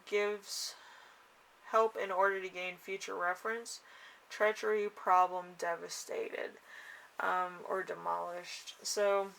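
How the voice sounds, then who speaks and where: A woman giving a casual tarot reading, halting with fillers and small laughs. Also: lowish voice, a bit bright, a little hiss or hum. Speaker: tarot reader.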